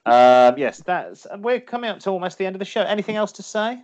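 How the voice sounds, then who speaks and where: A man's voice: sits high, big pitch swings, fairly quick, darkish tone. Man hosting a jokey quiz. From Ireland. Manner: jokey, self-correcting quizmaster. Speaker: podcast co-host running a quiz. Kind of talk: casual chat. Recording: dull lo-fi audio.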